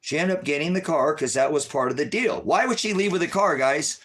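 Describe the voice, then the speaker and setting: A stressed man rambling through an agitated live-stream rant, jumping between loud outbursts and low muttering. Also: animated, a little fast.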